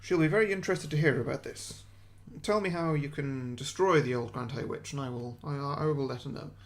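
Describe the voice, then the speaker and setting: A man putting on a nasal voice for a scheming female witch while pitching a story on a podcast. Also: brisk, vocal fry, close to an everyday voice. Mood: smug.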